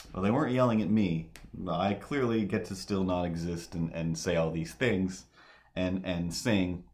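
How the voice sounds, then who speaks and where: A man's voice: low-pitched, steady tone, slow pace, a little mellow. A man chatting loosely on a live stream, telling rambling stories full of fillers and restarts. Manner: meandering, filler-heavy storytelling.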